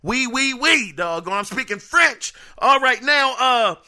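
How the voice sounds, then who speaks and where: A man hosting a casual solo podcast, reading listener emails in an animated, joking way that trips over words. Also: very high voice, unhurried. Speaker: podcast host.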